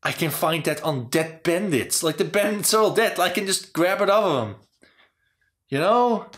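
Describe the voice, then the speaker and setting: A man's voice: sits high, lively intonation, moderate pace, fairly bright tone. Rambling man talking casually about games. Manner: rambling, full of "you know" and "like". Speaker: channel host. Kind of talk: casual opinion talk on game design.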